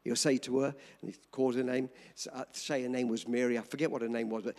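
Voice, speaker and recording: An older man preaching a storytelling sermon to a live audience, animated and emphatic, speaking directly to the crowd. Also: medium pitch, fast talker, few pauses.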